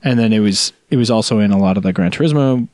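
A man's voice: fairly low pitch, fast, a little mellow, no echo, clean studio sound. Rambling, hesitant male podcast co-host. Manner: rambling, hesitant, full of fillers and restarts. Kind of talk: casual chat.

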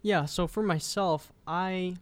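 A young man, a college student, calmly recounting his experience on a casual podcast. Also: high-pitched, slow pace, clear, resonant tone, no echo. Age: young adult. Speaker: student guest.

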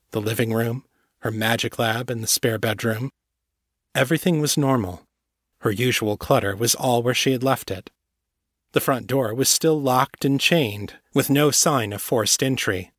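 A man reading a novel aloud in a steady, measured way, close to the mic. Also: medium pitch, breathy edge, no echo. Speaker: audiobook narrator. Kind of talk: scripted narration.

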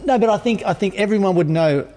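A man's voice: high-pitched, quick pace, warm tone, long reverb tail. A man hosting an interview, curious and rephrasing his questions. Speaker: podcast host.

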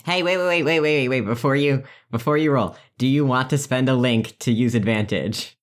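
A man's voice: medium pitch, a little fast. A man player in a tabletop game, easygoing and laughing between lines.

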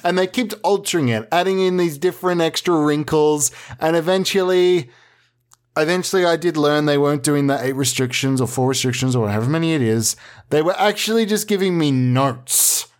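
Man, deadpan comedic monologue, absurd rambling, lively pitch.

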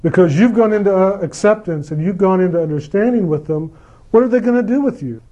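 A man giving a gentle, repetitive spiritual talk about meditation and enthusiasm. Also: high-pitched, quick pace, highs cut off. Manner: gentle, repetitive, acts out quoted lines with mock enthusiasm. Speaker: spiritual speaker.

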